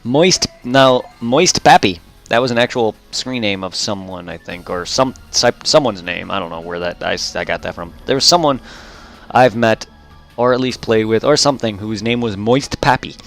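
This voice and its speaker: Man, game streamer, casual rambling chat, deep voice, faint music. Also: normal speed, a bit bright. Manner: rambling, repeats himself, laughs often. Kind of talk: casual chat while gaming.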